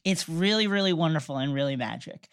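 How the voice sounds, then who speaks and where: Woman co-host, low voice, dry close sound, animated plot recap in casual chat. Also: fast talker, clear, resonant tone, no echo. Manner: animated storytelling, many restarts. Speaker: podcast co-host recapping a film.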